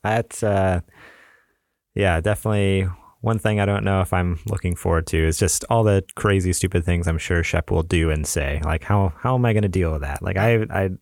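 A man's voice: deep voice, normal speed, gravelly, a little mellow, dry recording, studio quality. A man in his thirties co-hosting a casual podcast, laid-back and laughing along. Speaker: podcast co-host. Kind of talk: casual chat.

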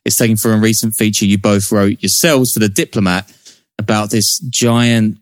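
A man's voice: fairly low pitch, dry recording, studio quality. A man hosting a podcast, introducing guests in a chatty, joking way. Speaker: podcast host.

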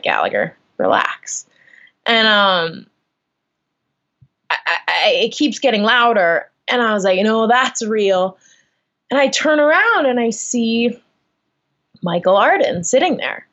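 A young woman telling a story in a casual interview at home, animated, acting out her own reactions. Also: fairly high pitch, measured pace, long pauses, dull audio. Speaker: guest. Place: at home, on the floor. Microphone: video call.

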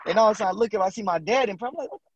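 A man, spinning an animated story as a podcast guest. His voice sits a touch high for a man, and he keeps acting out other people's lines with a laugh. Faint background noise sits under the recording. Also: rapid-fire, lo-fi sound. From Houston, Texas. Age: late 30s. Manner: animated storyteller, acts out quotes, laughs often. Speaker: guest, former basketball player. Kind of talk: casual storytelling interview.

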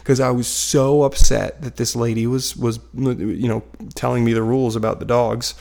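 A man's voice: medium pitch, level tone, moderate pace, creaky, darkish tone. A man in his thirties casually telling a personal story from his couch at home, rambling and self-deprecating with lots of fillers. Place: living room couch at home, dog barking nearby.

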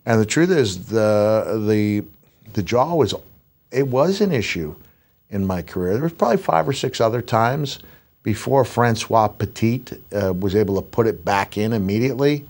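Low-voiced man telling rambling stories. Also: moderate pace. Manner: animated, rambling anecdotes with restarts. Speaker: podcast host, retired wrestler. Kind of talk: storytelling in casual chat.

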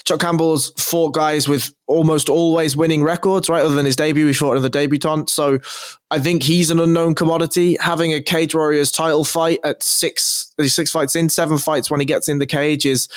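A man's voice: fairly high pitch, level tone, a little fast, no room sound. A man co-hosting a podcast, breaking down fighters in a thoughtful, analytical way. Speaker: podcast co-host. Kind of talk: casual MMA analysis chat.

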